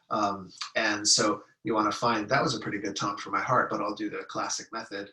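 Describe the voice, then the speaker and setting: A man leading a guided healing-sound meditation, speaking calmly and softly and drawing out long chanted vowel tones. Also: on the low side, a little fast, hardly any pauses. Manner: calm, soft-spoken guidance with long chanted vowel tones. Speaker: meditation teacher. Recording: echoey room, mic at a distance.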